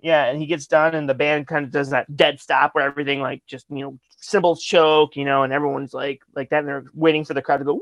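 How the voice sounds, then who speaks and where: A man's voice: a little high, steady tone, a little fast, vocal fry, fairly bright tone, no room sound. A man, a guest musician, telling a rambling funny story in casual talk, swearing and laughing often.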